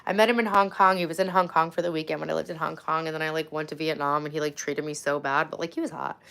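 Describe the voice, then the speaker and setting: A woman's voice: low-pitched, steady tone, quick pace, gravelly, fairly bright tone. Woman, forties, casual livestream host, chatty and friendly with viewers, home setup. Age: 40s. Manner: chatty, thanks viewers by name.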